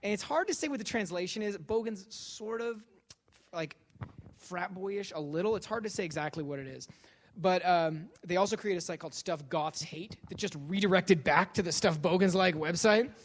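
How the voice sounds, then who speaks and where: Male lecturer, high voice, animated comic storyteller who acts out the people he quotes. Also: normal speed, slight background noise. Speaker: guest lecturer and author.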